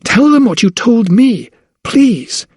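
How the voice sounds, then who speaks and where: A man voicing a distraught young noblewoman, fierce and desperate, crying out in high strained bursts. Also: expressive, fairly quick, a little mellow, breathy edge, no echo, clean studio sound.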